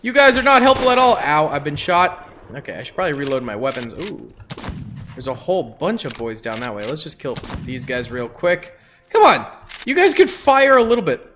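A man's voice: on the high side, sing-song, a little fast, a bit bright, slight background noise. A young man hosting a gaming channel, giving goofy, hyped gameplay commentary full of yelps.

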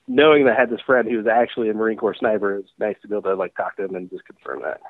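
A man's voice: on the low side, very fast, dry recording. A man calling into a radio show and chatting casually and agreeably with the host. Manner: casual, agreeable, laughs easily. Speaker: caller. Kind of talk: phone call-in conversation. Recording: tinny dry phone line.

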